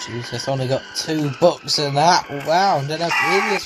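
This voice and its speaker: A man commentating as he plays video games, panicking and yelling out reactions, with self-mocking asides. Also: fairly high pitch, expressive, normal speed, background noise. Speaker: gamer. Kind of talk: let's play commentary. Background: game music.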